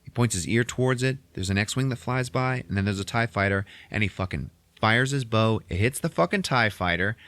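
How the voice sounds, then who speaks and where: Low-voiced man recapping a movie. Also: no echo. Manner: animated retelling, heavy swearing, acts out characters in quick voices. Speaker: podcast host retelling a film. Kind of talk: casual profane movie recap.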